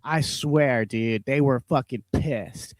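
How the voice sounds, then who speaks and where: A man hosting a comedy podcast, ranting and swearing, his voice swinging between loud outbursts and low mutters. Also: slow, dry recording. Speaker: podcast host. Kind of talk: profane comedic rant.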